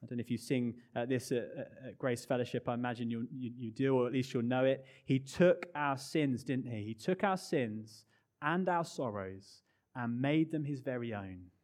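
A man preaching a sermon with earnest emphasis, dropping to hushed low phrases and rising again. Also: normal speed.

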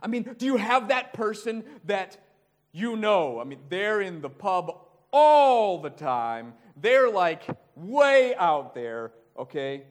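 A man preaching a sermon, dropping into hushed low asides and then building to loud, raised passages. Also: big pitch swings, slow pace.

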